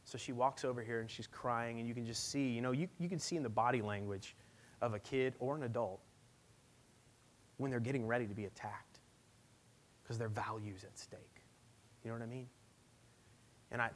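A man's voice: medium pitch, moderate pace, pauses often, a little hiss or hum. A man in his thirties, a pastor giving a conversational, emphatic sermon with personal stories.

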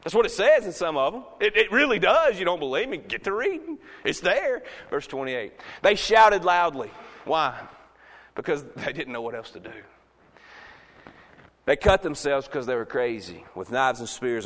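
Animated preacher man. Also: mid-range voice, in a large hall. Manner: animated preaching, swinging from loud shouts to hushed asides. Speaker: pastor. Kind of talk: sermon. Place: church sanctuary.

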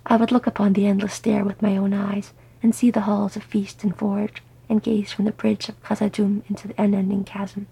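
A woman's voice: medium pitch, fairly quick, vocal fry, hardly any pauses, breathy edge, rough recording. A woman voicing a resolute young dwarf warrior. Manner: calm, resolute.

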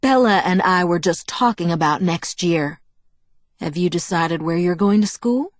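A woman reading the part of a sullen, gruff middle-aged father in an audiobook, with curt, grumbling lines. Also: on the low side, expressive, unhurried, dry recording.

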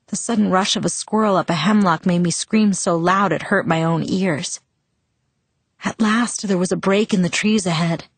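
A woman reading a first-person novel aloud in calm, even audiobook narration. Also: lowish voice, dry recording.

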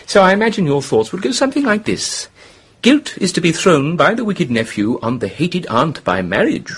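A flippant young English gentleman. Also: a little high, very animated, moderate pace, husky, full character voice. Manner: breezy, theatrical, mocking. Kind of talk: radio drama acting.

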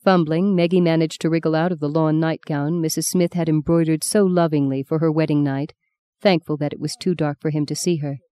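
A woman narrating an audiobook in a steady, measured way. Her voice is low-set and mellow. The close studio recording is dry, with no room around it. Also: no echo. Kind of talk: scripted narration.

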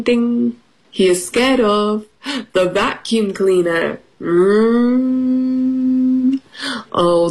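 A woman with a medium-pitched voice that is gravelly, husky and a little mellow teaches English on the radio. She reads a children's storybook playfully, adding sound effects and asking the children questions.

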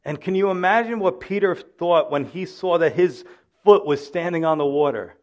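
A man's voice: a little high, moderate pace, darkish tone. A male pastor delivering a sermon, with impassioned preaching that swells and drops in volume.

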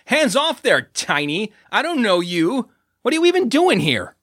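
Male narrator doing a brash young loudmouth; high, bright, shouting often. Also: expressive, normal speed, no echo, studio quality. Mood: alarmed. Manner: shrill, taunting, shouting often. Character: brash mouthy young man, loud and cocky. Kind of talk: audiobook character reading.

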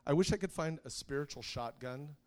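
A man in his thirties gives a sermon built on personal stories, laughing often and getting loud as he acts out scenes. His voice sits a little high for a man and swings widely in pitch. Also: fairly quick. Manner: animated storyteller who laughs often and gets loud when acting out scenes. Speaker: preacher.

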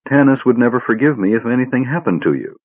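A man's voice: medium pitch, animated, fast talker, husky, narrow, tinny audio, pitched above the performer's own voice. A man doing a stern, troubled knight. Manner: stern, harsh outbursts.

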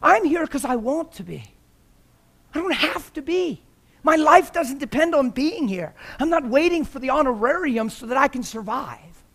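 High-voiced preacher, impassioned. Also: male voice, lively intonation, moderate pace, gravelly. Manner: impassioned, rising to shouts. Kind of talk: sermon.

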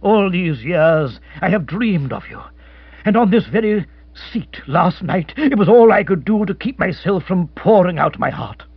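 A man reading an audiobook who voices a crushed but gallant British colonial hunter, talking low and earnestly, often in a mutter. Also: lively intonation, a little slow, breathy edge, no room sound, full character voice. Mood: lovelorn. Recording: dull, dry close recording.

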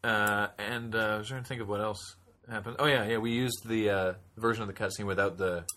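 A man's voice: fairly low pitch, fairly even intonation, brisk, sharp tone. A young man co-hosting a podcast, telling stories in casual chat with rambling laughing asides. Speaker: podcast co-host.

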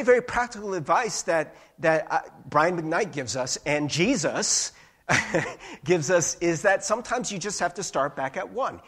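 Animated, high-voiced male preacher. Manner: animated and playful, with laughs and sung bits. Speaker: pastor. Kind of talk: sermon.

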